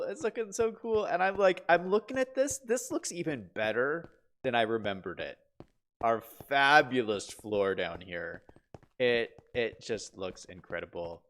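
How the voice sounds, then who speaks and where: Casting: male game streamer, a bit stuffy from a cold, excitable, lively up-and-down delivery. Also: mid-range voice. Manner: chatty, excitable, repeats himself. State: congested from a cold. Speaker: streamer host. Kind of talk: casual live-stream chat.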